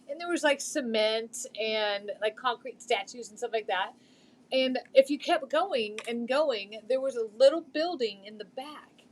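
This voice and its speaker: Chatty woman with a highish voice. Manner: chatty, rambling, with many fillers. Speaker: thrift flipper hosting a live stream. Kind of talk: casual live-stream chat.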